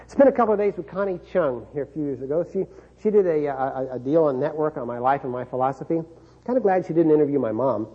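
A man's voice: fairly high pitch, animated, fast, breathy edge. A middle-aged man from Kansas giving a motivational speech, telling a dramatic personal story with wry humor and frequent chuckles. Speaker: keynote speaker. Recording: dull lo-fi recording.

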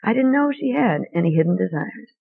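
A woman's voice: mid-range voice, lively intonation, a little fast, vocal fry, breathy edge. Older woman storytelling over a tinny line. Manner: earnest storyteller acting out quoted dialogue. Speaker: speaker. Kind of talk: storytelling talk. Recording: narrow tinny phone-like sound.

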